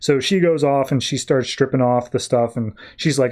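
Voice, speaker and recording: A man's voice: mid-range voice, moderate pace, few pauses, darkish tone. A man hosting a podcast, casually recapping a comic book in a rambling, filler-heavy way. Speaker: podcast host.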